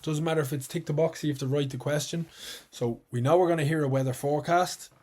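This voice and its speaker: A man with an Irish accent teaching a live online exam-prep lesson, explaining patiently and repeating words slowly and clearly. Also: a little high, steady tone, darkish tone.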